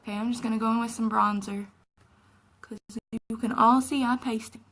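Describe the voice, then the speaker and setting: A woman's voice: fairly high pitch, steady tone, normal speed, a bit bright, poor audio. A young woman chatting casually and earnestly while doing her makeup at home in a tutorial vlog. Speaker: makeup vlogger.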